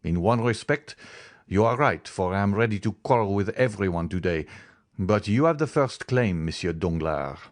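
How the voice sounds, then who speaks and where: A hot-headed young nobleman spits out clipped, indignant threats, as a man reads him. The voice sits low and the sound is close and dry. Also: lively intonation, normal speed, no echo, natural voice. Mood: vengeful.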